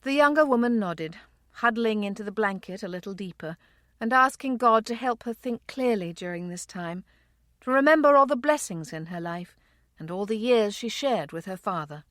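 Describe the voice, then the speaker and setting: A woman narrating a romance audiobook in a measured, unhurried way. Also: mid-range voice, animated, a bit bright, no room sound, clean studio sound. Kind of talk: scripted narration.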